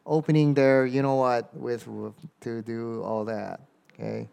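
A man teaching a church audience in a casual lecture, often checking in with "okay?" and reading passages slowly aloud. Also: medium pitch, flat delivery, creaky, mellow, smooth. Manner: conversational, keeps checking in with "okay?" and reads verses aloud slowly. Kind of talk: informal lecture with audience questions.

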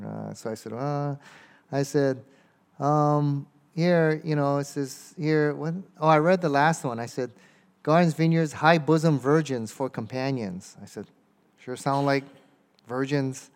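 Male speaker for a church talk, conversational, medium pitch, tags lines with "okay?", slows down to read verses. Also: clear, resonant tone. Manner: conversational, keeps checking in with "okay?" and reads verses aloud slowly. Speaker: speaker teaching a church audience about Quran passages. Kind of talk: informal lecture with audience questions.

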